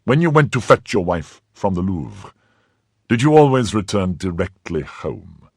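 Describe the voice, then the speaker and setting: A man voicing a powerful older cardinal who questions in a measured, probing way and commands quietly. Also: low-pitched, sing-song, husky, no echo, studio quality, full character voice. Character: powerful older male cardinal, cold, calculating.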